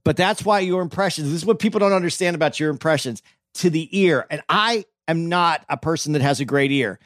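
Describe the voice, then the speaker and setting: A man's voice: on the high side, brisk, fairly bright tone, no echo, clean studio sound. A man who is a comedian, co-hosting a podcast in casual chat, rambling and repeating his words.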